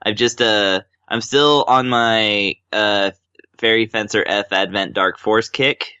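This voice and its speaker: A man's voice: fairly low pitch, steady tone, takes it slowly, sharp tone, clear, resonant tone, dry recording, muffled recording. A man chatting as a podcast guest, rambling with lots of ums and uhs. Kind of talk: casual chat.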